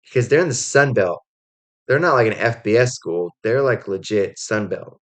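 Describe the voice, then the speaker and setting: A man's voice: on the low side, moderate pace. A man giving casual college football commentary, rambling with lots of "like" and "um" and acting out quotes as he goes. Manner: rambling, heavy on "like" and "um" fillers; animated storytelling with acted-out quotes. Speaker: college football podcast host.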